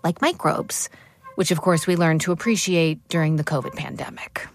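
A woman's voice: low voice, normal speed, soft background music. A woman hosting a radio show, reading scripted narration. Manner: lively, scripted delivery.

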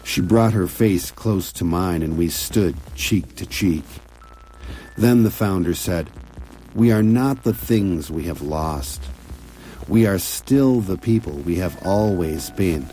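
Very deep-voiced male audiobook narrator. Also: takes it slowly, a little hiss or hum. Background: soft music.

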